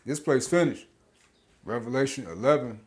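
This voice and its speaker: A man's voice: mid-range voice, expressive, normal speed. Laughing, slangy man preaching scripture. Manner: casual slangy preaching, laughs often, repeats words. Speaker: street preacher. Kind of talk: informal scripture teaching.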